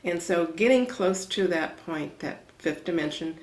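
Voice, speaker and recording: A woman guest on a podcast, a spiritual counselor, answering questions in a measured, explanatory way. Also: lowish voice, animated. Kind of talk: conversational interview. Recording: roomy echo.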